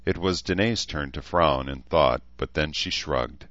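Very deep-voiced male narrator. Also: normal speed, few pauses, a bit bright, dry recording, muffled recording. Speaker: audiobook narrator. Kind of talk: scripted narration.

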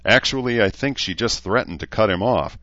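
A man's voice: on the low side, a little fast, pushed and bright, no echo, lo-fi sound, pitched above the performer's own voice. A man voicing an easygoing young man who teases his friend in casual banter. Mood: laid-back. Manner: laid-back, teasing banter.

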